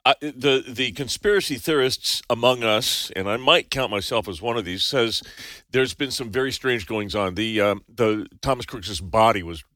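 A man's voice: medium pitch, moderate pace, sharp tone, no room sound. A man chatting on a radio talk show in a studio, matter-of-fact and droll. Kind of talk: casual studio chat.

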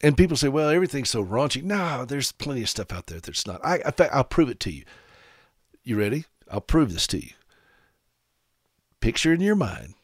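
Man, radio host, from south carolina, animated, joking, dry close studio sound. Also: medium pitch, normal speed, pauses often, breathy edge, no echo. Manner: animated, sarcastic humor, direct address to listeners. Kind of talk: radio talk monologue.

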